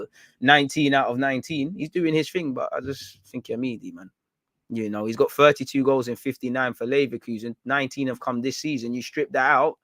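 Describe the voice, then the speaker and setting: A man's voice: medium pitch, no room sound, studio quality. A man hosting a fan live stream, chatting casually in slang and reading out viewer comments. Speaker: fan channel host.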